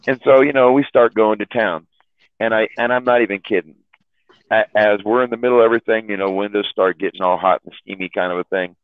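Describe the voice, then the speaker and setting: A man's voice: on the low side, fairly even intonation, fast, smooth, dry recording. A man casually telling a rambling, profane story to friends on a call, repeating his words and laughing at his own tales. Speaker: chat room host telling stories. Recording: tinny phone-line sound.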